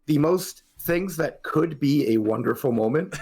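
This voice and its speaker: A man's voice: a little high, expressive, slow, a little mellow, slightly rough. Teasing young man who laughs a lot. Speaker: podcast co-host. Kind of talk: casual podcast chat.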